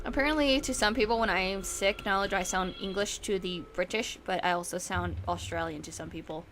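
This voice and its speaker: A woman giving excitable let's-play commentary, laughing as she goes and reading game text aloud. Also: medium pitch, a little fast, a little hiss or hum. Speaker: gameplay commentator.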